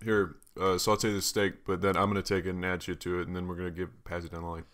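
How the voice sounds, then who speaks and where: A young man co-hosting a casual podcast chat, his voice sitting slightly low. He tells long, rambling anecdotes, piles on absurd exaggerations and swears freely. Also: level tone, fast, a bit bright. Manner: rambling, exaggerated storytelling with profanity. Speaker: podcast co-host.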